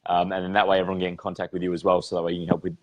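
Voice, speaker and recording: A man's voice: low voice, completely flat delivery, very fast, a little mellow, rough recording. A man in his late twenties with an Australian accent, hosting a podcast in an easygoing way, laughing and telling loose stories. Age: late 20s. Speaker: podcast host. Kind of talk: casual chat.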